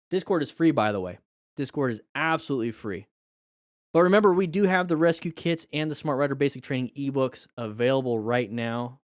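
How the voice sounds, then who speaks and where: A man's voice: mid-range voice, no echo, clean studio sound. A man hosting a casual live stream, chatty and joking as he explains first aid. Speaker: live-stream host reviewing crash videos.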